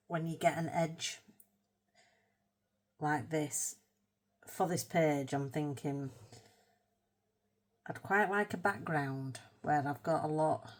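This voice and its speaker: Hosting an art channel, a woman with a low, unhurried voice chats through a colour-with-me painting session. She's rambling and self-mocking, and her voice sinks to a soft murmur as she works the brush.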